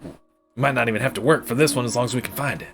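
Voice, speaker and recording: A man voicing an excitable young outlaw with boyish, gasping exclamations, played in a tabletop game. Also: mid-range voice, rapid-fire, creaky, faint music behind. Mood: boastful. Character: excitable young male outlaw, boastful and childlike.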